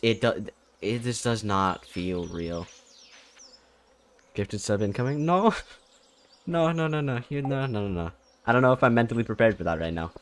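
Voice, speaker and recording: A man's voice: lowish voice, slight background noise. A man streaming a farming game, chatting with viewers and muttering to himself. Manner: mumbles to himself, then shouts and laughs when surprised. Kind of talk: casual gameplay livestream chat.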